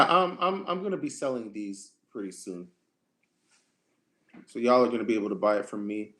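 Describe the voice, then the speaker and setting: A man with a lowish voice speaks unhurriedly, coaching singers on a livestream. He answers viewers' chat questions in a relaxed, conversational way and often circles back to repeat a point. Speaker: vocal coach.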